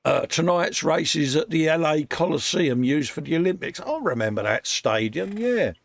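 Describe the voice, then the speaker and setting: Streaming casually from his home workshop, a British man goes through viewer comments in a chummy, talkative style, calling them "mate" and "folks." His slightly high, gravelly voice is animated and moves at normal speed, with no room sound.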